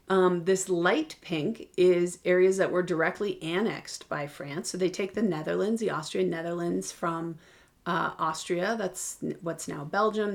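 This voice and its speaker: A woman's voice: fairly low pitch, vocal fry. A woman giving a casual recorded history lecture, talking informally with many ums and restarts and asking her students questions. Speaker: history teacher.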